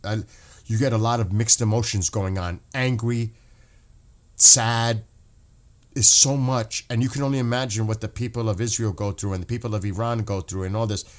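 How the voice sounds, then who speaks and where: A man's voice: lowish voice, steady tone, moderate pace. Impassioned man rambling on a livestream. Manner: emotional, impassioned, swearing; rambling with restarts. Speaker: livestream host. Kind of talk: casual livestream commentary.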